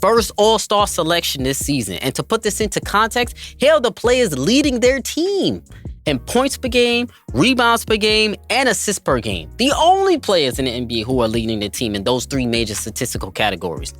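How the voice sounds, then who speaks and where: A man hosts a basketball podcast in a hyped, emphatic voice. His pitch swings widely as he pushes his points, and soft music plays underneath. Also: sing-song, normal speed. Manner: hyped, emphatic, addresses listeners as family. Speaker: podcast host. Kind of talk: enthusiastic basketball commentary.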